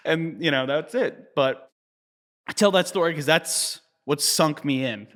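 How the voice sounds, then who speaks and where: A man in his thirties from New Jersey, telling a long story as an interview guest. He talks in a lively way, chuckles often and uses many fillers. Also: on the high side, unhurried. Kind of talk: conversational storytelling.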